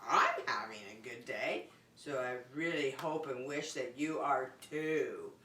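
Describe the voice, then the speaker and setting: A woman's voice: a bass voice, a little slow, bright, forceful tone, recorded from a distance. A woman leading an online circle time for young children from her home, in cheerful, sing-song teacher talk. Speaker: preschool teacher. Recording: echoey room, voice off-mic.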